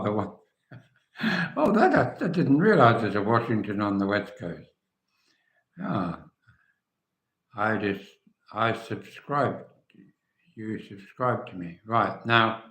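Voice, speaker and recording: A man's voice: lowish voice, fairly bright tone, echoey room. An older English man hosting a casual livestream, chatting and answering viewers' comments by name. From England. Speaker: livestream host.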